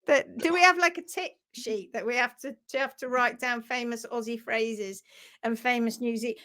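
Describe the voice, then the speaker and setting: A woman's voice: a little high, moderate pace, sharp tone. A woman hoof trimmer hosting a casual live stream, playful and giggly as she reads viewers' comments aloud.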